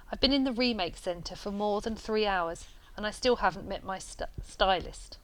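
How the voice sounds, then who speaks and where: A woman's voice: mid-range voice, poor audio. Woman reading a novel aloud. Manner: steady reading with small slips and restarts. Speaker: reader.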